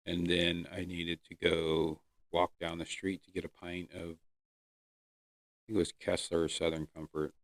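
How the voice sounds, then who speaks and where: A man hosting his own podcast, earnestly telling his personal recovery story with pauses and fillers. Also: low-pitched, little pitch movement, no echo, clean studio sound. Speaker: podcast host. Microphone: close podcast mic.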